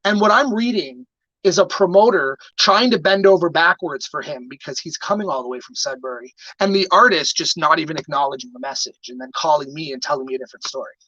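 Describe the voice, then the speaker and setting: A man tells a story in a studio and swears freely as he acts out the voices of the people in it. His tone is bright and sharp. The room sounds dry, and the audio is slightly dull. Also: on the high side, fast talker, no echo. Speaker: guest entrepreneur and artist manager. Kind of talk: casual storytelling chat.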